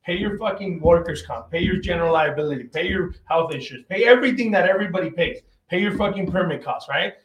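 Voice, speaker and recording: A man's voice: sits high, fast talker, hardly any pauses. A man speaking as a podcast guest, a company founder giving blunt, profane, emphatic advice in casual conversation. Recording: roomy echo.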